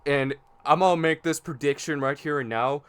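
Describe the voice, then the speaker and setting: Smooth-voiced man chatting on a podcast. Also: a little high, normal speed. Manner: enthusiastic, makes predictions, frustrated by tech issues. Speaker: podcast co-host. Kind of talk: casual podcast chat.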